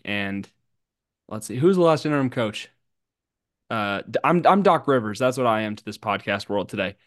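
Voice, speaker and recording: A man's voice: medium pitch, clean tone, no echo, studio quality. A young man who is the interim host of a podcast, teasing his guest in a playful way and drawing out his words. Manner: playful, teasing, drawn-out delivery. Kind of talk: casual podcast hosting.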